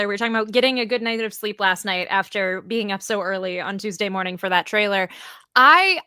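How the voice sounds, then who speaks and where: A woman co-hosting a live show talks fast and with upbeat enthusiasm. Her voice is bright, and the sound is dry and close. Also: medium pitch, no echo. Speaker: co-host. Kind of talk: casual live-show chat.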